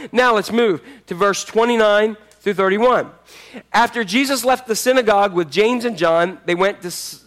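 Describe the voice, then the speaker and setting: High-voiced animated preacher man. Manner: animated, acts out voices from the story. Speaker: pastor. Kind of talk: sermon.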